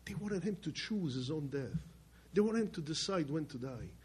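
Husky older man telling a story. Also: on the high side, animated, darkish tone. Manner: emphatic, halting, dramatic. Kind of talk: spoken family testimony.

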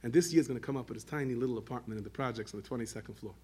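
Husky guy preaching fast, full of yiddish words, lively storytelling. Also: medium pitch. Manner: animated, sprinkles Yiddish and Hebrew terms. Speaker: rabbi telling stories. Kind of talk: storytelling sermon.

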